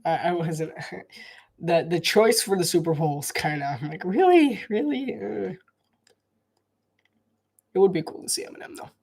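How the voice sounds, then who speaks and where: A man's voice: fairly high pitch, moderate pace, gravelly, pauses often, husky. A man doing casual live football commentary, rambling and restarting his sentences, coughing often. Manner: rambling, repeats himself, frequent restarts. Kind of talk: casual live play-by-play and opinion chat.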